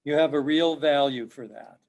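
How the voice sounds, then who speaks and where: A man's voice: fairly high pitch, normal speed, a little mellow. A middle-aged man, a professor, giving an online class lecture in a conversational way, repeating himself and quizzing his students.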